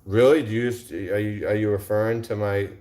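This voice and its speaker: Angry ranting man, low voice. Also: steady tone, normal speed, darkish tone. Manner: confrontational, repeats rhetorical questions; swears, taunts viewers in chat. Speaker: livestream host. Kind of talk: heated livestream rant.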